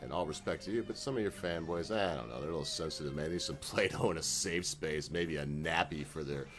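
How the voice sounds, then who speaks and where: A man with a notably deep, low voice hosts his own video channel. He rambles in a folksy, unscripted way and breaks in with chuckling asides. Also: fast talker, music in the background. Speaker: channel host. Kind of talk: casual rambling video monologue.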